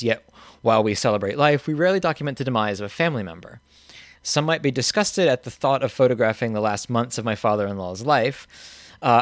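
A man co-hosting a casual podcast, chatting in a relaxed, dry way and reading a listener's email aloud. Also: medium pitch, no room sound. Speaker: podcast co-host.

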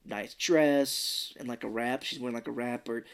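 A man's voice: medium pitch, fairly even intonation, moderate pace. A man co-hosting a podcast, rambling through a movie plot in casual chat, swearing and acting out the characters' lines. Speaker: podcast co-host.

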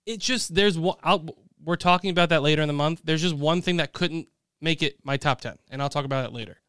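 A young man hosting a casual chat, excitable and quick with exclamations. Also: on the high side, clean tone, no echo, clean studio sound. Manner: excitable, talks fast with exclamations. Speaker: podcast host.

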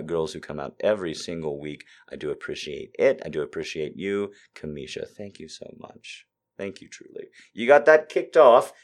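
A man hosting a live show in a casual, rambling, sardonic way, swinging between loud bursts and quiet asides. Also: mid-range voice. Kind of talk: casual live-stream chat.

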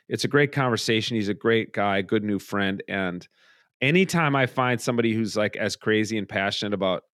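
In a clean studio sound with no echo, a middle-aged podcast host chats casually from his home, rambling and restarting as he goes. His voice is fairly low-pitched.

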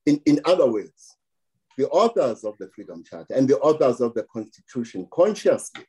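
A man making a measured, emphatic argument in an interview, building points through repetition. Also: mid-range voice, very animated, dark tone, husky, rough recording.

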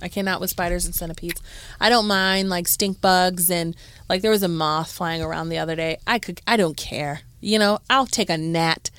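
A woman co-hosting a podcast, telling stories in an animated, exasperated way during casual chat. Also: fairly low pitch, normal speed, clean tone, no room sound. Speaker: podcast co-host.

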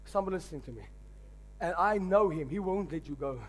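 In a large church hall, a man tells stories in an emphatic sermon, his voice sitting high and moving fast. The recording has long hall reverb with faint music beneath.

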